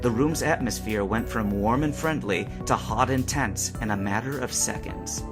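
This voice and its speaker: A man narrating a fan-fiction story aloud with expressive storytelling. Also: medium pitch, moderate pace, music in the background.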